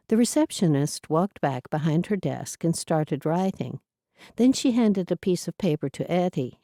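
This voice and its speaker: A woman narrating an audiobook in a measured storytelling style. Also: deep voice, lively intonation, warm tone, no echo, studio quality. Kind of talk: scripted narration.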